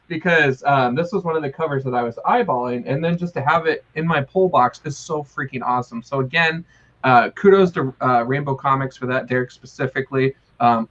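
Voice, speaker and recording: Chatty excited man, lo-fi sound. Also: fairly high pitch. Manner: excited, chatty, lots of fillers. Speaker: co-host. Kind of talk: casual chat.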